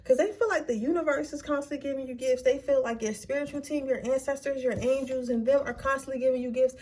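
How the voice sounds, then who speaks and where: A woman's voice: high voice, steady tone, quick pace, darkish tone. A young woman giving a casual pick-a-card tarot reading, blunt, slangy and full of profanity. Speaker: tarot reader.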